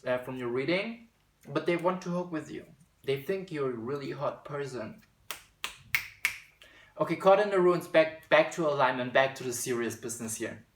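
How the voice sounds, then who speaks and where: This man's voice sits on the high side, with a fairly bright tone and a roomy sound. Working as a tarot reader, he gives a chatty spiritual card reading, occasionally drifting into a British accent and into reading card text out loud.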